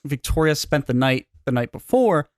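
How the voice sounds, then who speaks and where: Man, slightly high voice, rambling storyteller, casual podcast chat, dry close mic. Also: very animated, moderate pace, clear, resonant tone, dry recording. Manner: rambling, filler-heavy, acts out quotes. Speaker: podcast co-host.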